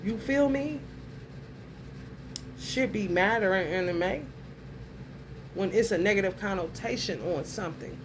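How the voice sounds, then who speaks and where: A woman's voice: mid-range voice, measured pace, long pauses. A woman in a mid-range voice talks straight to her viewers in a blunt, heated rant. She swears freely as she works through her story, and a faint hiss sits under her voice. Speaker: vlogger. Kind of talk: casual monologue to camera.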